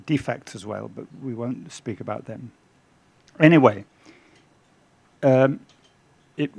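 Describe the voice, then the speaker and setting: An older man gives a lunchtime book talk, his gravelly voice recorded close and dry. He tells anecdotes in a relaxed, meandering way, pausing often with ums and uhs. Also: medium pitch, dry recording. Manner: anecdotal storytelling with frequent ums and pauses. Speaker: author giving a book talk. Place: club dining room.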